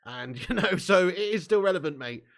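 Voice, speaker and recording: A young man hosting a live football watch-along, bantering with his chat and swearing freely, getting loud when a chance comes. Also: sits high, expressive, moderate pace, vocal fry.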